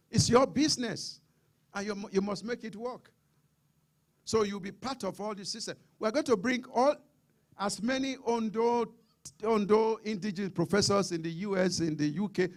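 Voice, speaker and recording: A middle-aged Nigerian man with a Nigerian accent and a high, gravelly voice gives an emphatic public lecture as a seminar speaker, often repeating words.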